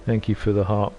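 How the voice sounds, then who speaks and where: Soft-spoken man, low voice. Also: gravelly, slight background noise. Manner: soft-spoken, halting, emotional. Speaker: streamer. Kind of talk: casual livestream chat.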